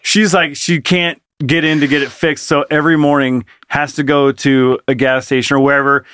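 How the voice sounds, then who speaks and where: Bright-voiced joking podcast co-host. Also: male voice, mid-range voice, little pitch movement, slight background noise. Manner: quick, joking interjections. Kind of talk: casual comedy chat.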